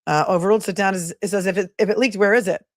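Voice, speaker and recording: In a clean, echo-free studio recording, a woman attorney with a mid-range voice talks rapid-fire on her casual livestream. She reads out viewer messages and thanks each sender in an affectionate, chatty way.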